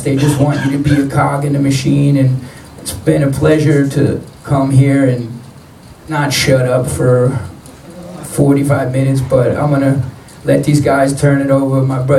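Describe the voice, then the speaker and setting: A man's voice: medium pitch, creaky, warm tone, a little hiss or hum. A man telling blunt, profane stories in a live spoken word performance on stage. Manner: blunt, profane street storytelling. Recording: roomy, distant live-venue recording.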